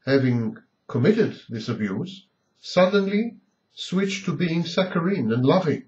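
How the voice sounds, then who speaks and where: A man delivers a scripted talk as a rapid series of pointed rhetorical questions. His pitch rises and falls in wide, animated swings. The recording is muffled and lo-fi. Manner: asks a long string of pointed rhetorical questions. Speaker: lecturer on abusive relationships. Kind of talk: scripted lecture monologue. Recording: dull lo-fi recording.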